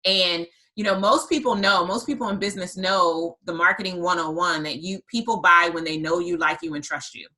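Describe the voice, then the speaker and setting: A woman hosting a podcast and telling a story in a lively conversational way, stressing her points by repeating words. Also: lowish voice, brisk, few pauses, poor audio. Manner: emphatic, repeats words for effect. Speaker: podcast host and business coach.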